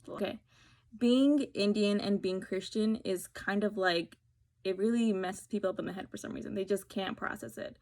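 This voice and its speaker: A woman's voice: mid-range voice, fairly even intonation, moderate pace, gravelly. A woman from New Jersey, talking to camera in a casual, snarky, sarcastic way and acting out what other people say. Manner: snarky, sarcastic storytelling with quoted voices. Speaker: beauty vlogger.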